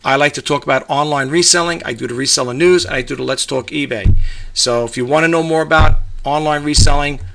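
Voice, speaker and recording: A man's voice: on the high side, fast, creaky, noisy background. A middle-aged man from New York vlogging from his home about reselling, rambling casually with lots of fillers and restarts. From New York, USA. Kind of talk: casual talk to camera. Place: home room with a grandfather clock.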